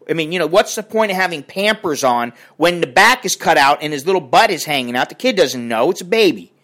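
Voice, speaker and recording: A man's voice: a little high, animated, brisk, few pauses, fairly bright tone. An older man ranting in a crotchety, profane and rambling way as he talks to his viewers. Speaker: vlogger. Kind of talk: casual rant to camera.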